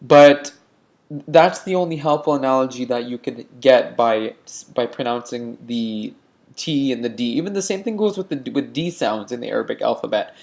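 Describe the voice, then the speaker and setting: A man's voice: mid-range voice, normal speed, gravelly, a little mellow. A man teaching an online lecture on letter sounds, patient and repetitive, stopping often to check in with "okay?".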